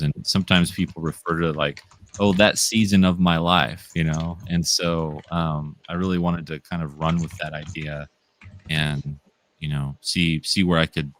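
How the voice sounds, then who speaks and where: A man's voice: rumbling low, fairly bright tone. A young man from the Midwest, a comic writer talking casually as a guest, full of fillers like "like" and "um". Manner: rambling with many fillers. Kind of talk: casual interview chat.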